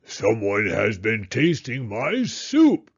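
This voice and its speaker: A big gruff papa bear booms out slow, heavy lines, voiced by a male reader. His speech is unhurried and low for the storybook. The sound is a bit dull. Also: wildly swooping pitch, no room sound, exaggerated voice. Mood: indignant. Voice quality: gruff, booming.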